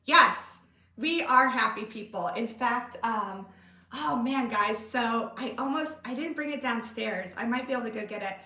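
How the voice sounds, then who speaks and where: A woman's voice: on the high side, moderate pace, sharp tone, distant mic. A woman in her thirties hosting a casual livestream, bubbly and gushing as she chats with viewers. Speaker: livestream host. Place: home room. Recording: echoey room, away from the mic.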